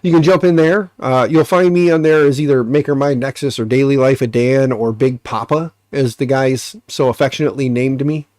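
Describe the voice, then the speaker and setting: A man's voice: medium pitch, steady tone, a little fast, few pauses, darkish tone, dry recording, studio quality. A man with an American accent and a stuffy, nasal voice, hosting a casual live stream and rambling with jokes and fillers. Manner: rambling, joking, many fillers. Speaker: livestream host.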